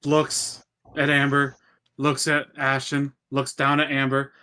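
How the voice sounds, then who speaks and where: A man playing a tabletop game, animated and playful in describing his character. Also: medium pitch, slow pace, background noise. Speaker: player. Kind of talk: casual tabletop play.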